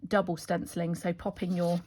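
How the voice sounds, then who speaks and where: A woman's voice: fairly low pitch, flat delivery, brisk, dark tone. A woman chatting enthusiastically as she shows off her craft stamp designs, with fillers and restarts. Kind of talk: casual product walkthrough.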